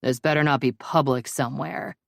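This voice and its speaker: A woman voicing a rough, sheepish young male hockey player who is hungover, his voice low and rasping in an audiobook. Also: fairly even intonation, fairly quick, dry recording, studio quality. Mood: hungover, groggy. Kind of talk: audiobook character reading.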